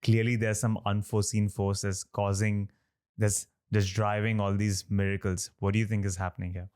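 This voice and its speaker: A man hosting a podcast interview, recounting stories and asking questions in a measured way. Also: lowish voice, level tone, darkish tone, clear, resonant tone. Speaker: podcast host.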